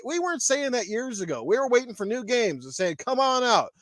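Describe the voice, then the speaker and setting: Guy ranting on his podcast, swearing nonstop, highish voice, dry sound. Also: very animated, a little fast, hardly any pauses, a bit bright, no room sound. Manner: angry, profane, riled-up rant. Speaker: podcast host.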